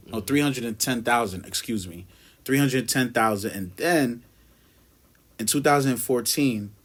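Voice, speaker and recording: Low-voiced young man explaining on a podcast. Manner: earnest, explains step by step with figures. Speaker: podcast co-host. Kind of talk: casual podcast chat.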